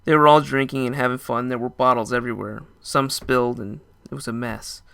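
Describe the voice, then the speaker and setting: A man's voice: medium pitch, steady tone, brisk, gravelly, fairly bright tone, clean tone. A young man narrating a first-person story in a casual, dramatic way. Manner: casual, dramatic, with short laughs.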